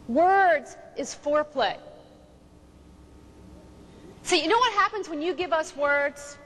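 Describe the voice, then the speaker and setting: Emphatic high-voiced woman speaker. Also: lively intonation, drawn-out words, long pauses, a bit bright, long reverb tail, a little hiss or hum. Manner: emphatic, storytelling. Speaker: relationship speaker. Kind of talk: motivational seminar talk.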